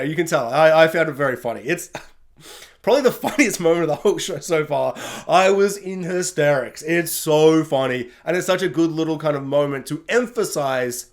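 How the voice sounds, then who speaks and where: A man giving a casual spoken review of a TV series, chatty and animated, laughing often and talking in loose, filler-heavy sentences. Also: on the high side. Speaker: YouTube TV reviewer.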